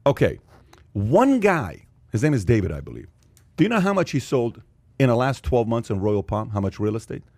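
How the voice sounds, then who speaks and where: A man hosting a podcast in casual chat, animated, who repeats his points for emphasis and acts out the voices of people he quotes. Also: mid-range voice, normal speed, dry recording. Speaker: podcast host.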